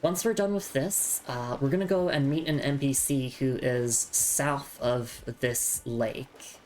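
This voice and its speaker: A woman's voice: rumbling low, slow pace, darkish tone, slight background noise. A woman streamer chatting casually while playing a game, reading item text aloud to her viewers. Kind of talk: casual gameplay commentary.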